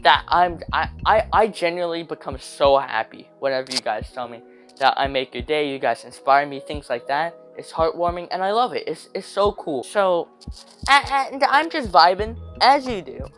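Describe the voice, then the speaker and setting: A young man telling a rambling, slangy storytime rant, hopping into quick voices for quotes. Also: fairly high pitch, fairly bright tone, faint music behind.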